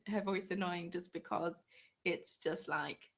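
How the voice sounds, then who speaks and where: A woman's voice: fairly low pitch, steady tone, unhurried, vocal fry, fairly bright tone. A young English woman hosting a crafting live stream, chatting casually and reading out viewer comments in a giggly, rambling way. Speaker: crafting channel host.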